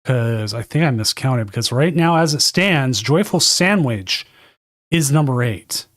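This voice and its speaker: A man's voice: mid-range voice, expressive, unhurried, no room sound, clean studio sound. A man hosting and casting a live card game tournament from a home desk, chatting loosely and correcting himself as he goes. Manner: chatty and rambling, self-correcting. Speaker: tournament caster and stream host. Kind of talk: casual live game commentary.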